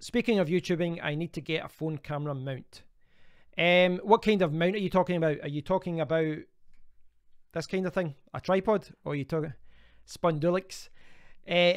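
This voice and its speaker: Chatty Scottish man, smooth clear voice. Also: a little high, no echo. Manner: chatty, rambling, reads out and answers viewer comments. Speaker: live stream host. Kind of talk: casual live stream chat. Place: home in Spain.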